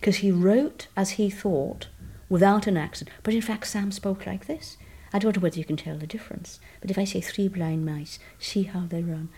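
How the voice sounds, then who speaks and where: Husky English woman reminiscing. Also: on the low side, moderate pace. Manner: animated, slipping into imitations and whispers. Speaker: actress interviewed. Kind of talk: reminiscing interview.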